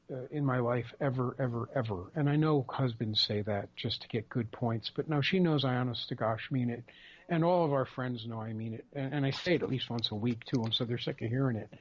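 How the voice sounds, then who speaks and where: A man's voice: medium pitch, dull audio. A man co-hosting a casual podcast, speaking in an emphatic, rambling way with many repeated words. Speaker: podcast co-host.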